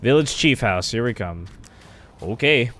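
A man doing excitable gameplay commentary, trash-talking and swearing at enemies. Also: medium pitch, measured pace, a little hiss or hum. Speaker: let's play streamer. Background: game music.

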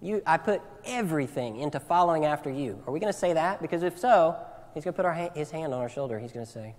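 A man's voice: a little high, lively intonation, fast. Male preacher, raised voice, earnest, restarts words, long church reverb. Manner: earnest, repeats phrases, swings from loud to hushed. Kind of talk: sermon. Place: church sanctuary.

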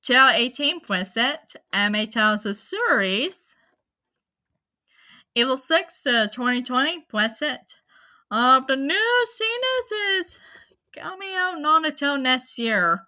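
A woman hosting her own channel, talking casually to viewers in a halting, apologetic way, with many fillers and restarts. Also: high voice, very animated, pushed and bright. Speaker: anime channel host. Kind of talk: casual spoken rundown to viewers.

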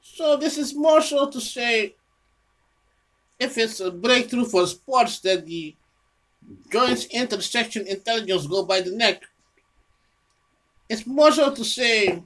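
A home video presenter scolds an imagined listener while rambling through an unscripted monologue about their own research, often repeating words and starting phrases over. The voice is mid-range and a bit bright.

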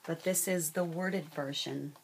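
A woman giving a class presentation and reading a fable aloud, unhurried with many fillers. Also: deep voice, fairly even intonation, a little hiss or hum.

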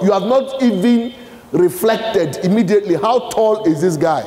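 Here the Nigerian motivational speaker's voice is high and a little mellow, at a moderate pace. In a large, echoey hall with long reverb, he leads a live leadership session and has the crowd complete his sentences.

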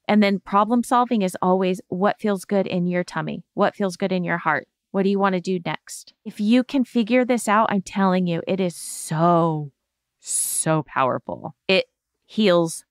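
A woman hosting a self-help show, explaining a healing exercise in a gentle, reassuring coaching tone. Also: mid-range voice, dry recording, studio quality. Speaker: podcast host giving therapy advice.

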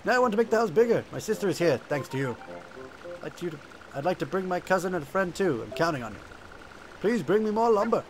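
Man voicing a beaver-like male game creature, chirpy, polite, wobbly put-on accent, high-ish. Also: very animated, quick pace, a crowd in the background. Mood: chirpy, grateful. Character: friendly male beaver-like critter, homebuilder.

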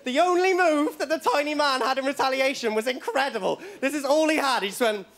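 A man's voice: very high voice, brisk. A male stand-up comedian, telling rambling stories on stage and tagging lines with "right?". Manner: rambling storytelling, keeps checking in with "right?". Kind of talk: stand-up routine. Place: stage before a studio audience. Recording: loud audience laughter and crowd noise.

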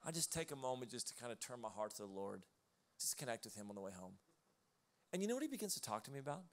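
A man's voice: mid-range voice, sing-song, fast. A male pastor preaching a live sermon in a church, telling stories in a loose conversational way with laughing asides. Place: church auditorium, live service.

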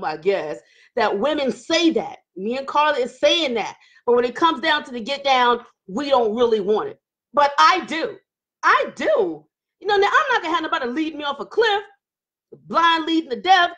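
A woman with a high, bright voice hosts a casual live-stream chat and reads out viewers' comments. She talks in a sassy, animated way and bursts out loudly at times. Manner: animated, sassy, loud outbursts and laughs. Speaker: host reading viewer comments.

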